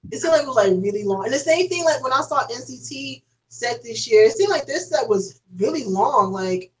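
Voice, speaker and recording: A woman's voice: high-pitched, animated, fairly quick, distant mic, poor audio. Rambling young woman, a bit off-mic. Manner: rambling, heavy use of "like". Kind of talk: casual chat.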